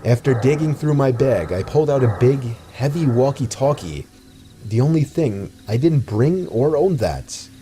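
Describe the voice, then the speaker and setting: A man narrating a true scary story in a steady, scripted storytelling delivery. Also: medium pitch, normal speed, faint music behind.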